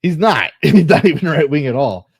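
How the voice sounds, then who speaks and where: A man's voice: a little high, expressive, normal speed, gravelly, slightly rough, no room sound. A man hosting a casual online discussion, reading posts aloud and reacting with blunt, profane commentary. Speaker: host.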